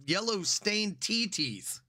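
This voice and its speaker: A man's voice: sits high, very animated, takes it slowly, bright, forceful tone. An American man co-hosting a podcast in casual chat, joking crudely and riffing. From United States. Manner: joking, crude, mocks accents and puts on voices. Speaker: podcast co-host.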